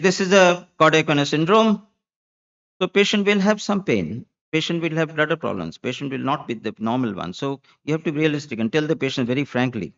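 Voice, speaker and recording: A man's voice: fairly high pitch, animated, fairly quick, dull audio. A man giving a medical conference lecture as a spine surgeon, emphatic and listing points, repeating key words for stress.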